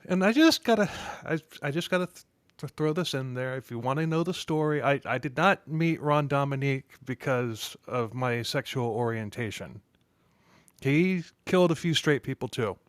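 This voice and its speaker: A man's voice: medium pitch, expressive, normal speed, dry recording. A man hosting a podcast in casual chat, rambling with frequent restarts and laughing often. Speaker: podcast host.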